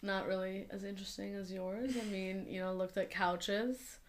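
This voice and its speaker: A woman's voice: mid-range voice, moderate pace, a crowd in the background. Giggly young woman, casual co-host. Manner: giggly, animated when quoting herself. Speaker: podcast co-host. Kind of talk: casual chat.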